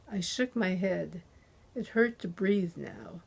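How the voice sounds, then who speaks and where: Woman author, slow and deliberate reading of her crime novel, close on a dynamic mic. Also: fairly low pitch, gravelly, slightly rough. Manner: measured, deliberate narration. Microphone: close handheld dynamic USB mic.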